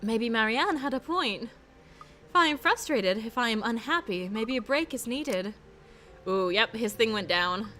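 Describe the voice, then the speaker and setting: A woman's voice: on the high side, lively intonation, a little slow, bright, forceful tone, soft background music. A woman streaming as a VTuber, reading game narration and chatting with viewers in a giggly, playful way. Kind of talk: game playthrough with narration and chat.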